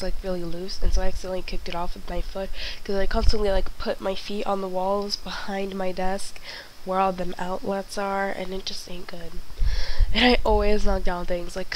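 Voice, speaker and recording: A woman's voice: mid-range voice, slight background noise, low-quality recording. Chatty young woman gaming on a headset. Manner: chatty, rambling, apologetic, exasperated. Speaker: gaming channel host. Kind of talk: casual let's-play commentary. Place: bedroom at her computer. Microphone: wireless headset.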